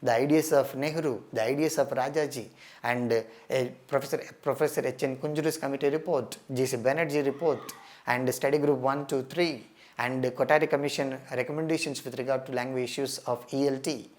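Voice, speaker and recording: A man's voice: medium pitch, steady tone, fairly quick. A man with an Indian English accent giving an exam coaching lecture, earnest, stressing key points and calling his listeners "my friend". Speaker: teacher.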